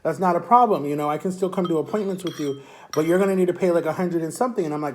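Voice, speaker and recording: A young man with a slightly high voice tells a long personal story straight to camera. He rambles, repeats phrases and acts out what others said with lively, casual energy. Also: very fast, background noise. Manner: rambling, repetitive, animated retelling. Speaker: vlogger.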